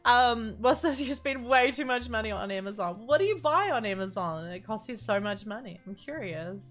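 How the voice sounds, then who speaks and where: Her voice is a little high, animated and fairly bright, moving at normal speed. She's a New Zealand woman rambling and giggling her way through casual chat on a live game stream, captured with a standalone studio mic.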